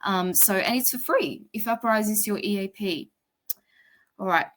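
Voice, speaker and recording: A woman's voice: medium pitch, normal speed, a bit bright. A woman from Sydney with an Australian accent, a provisional psychologist presenting a live webinar in a casual, chatty way and greeting viewers by name, with fillers like "sort of" and "um". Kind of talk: informal live webinar talk.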